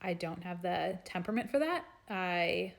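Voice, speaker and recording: Frank, chatty nurse woman, lowish voice. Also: expressive, normal speed, vocal fry. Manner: frank, chatty, reads questions aloud then answers. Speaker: nurse practitioner answering viewer questions. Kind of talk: casual live-stream Q&A. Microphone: phone or webcam for a live stream.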